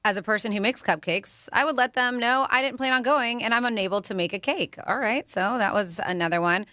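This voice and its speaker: A woman's voice: on the high side, brisk, pushed and bright, dry recording, studio quality. A woman co-hosting a radio show, reading listener texts aloud in a chatty way. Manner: chatty, laughs while reading. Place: radio studio. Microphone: studio microphone.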